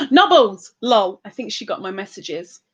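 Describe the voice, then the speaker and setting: A woman's voice: a little high, very animated, slow, husky. A woman, hosting a livestream and chatting casually as she reads out and greets viewers' comments in a sing-song, giggly way. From England. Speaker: livestream host.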